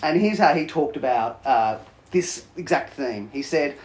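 Animated, lively-voiced preacher man. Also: fairly high pitch, measured pace. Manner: conversational, animated, jokes with congregation. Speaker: pastor. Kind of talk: sermon.

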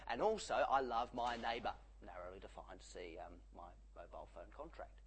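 A male pastor preaching a sermon, animated and acting out the voices he quotes. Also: mid-range voice, moderate pace, hardly any pauses, slightly rough, rough recording.

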